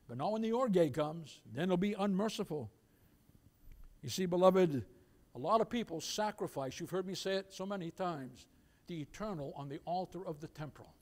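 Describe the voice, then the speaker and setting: High-voiced male pastor, fiery sermon delivery, drops to near-whispers between loud scripture-quoting peaks. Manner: impassioned preaching with sudden loud swells and quiet asides; quotes scripture in old-fashioned phrasing.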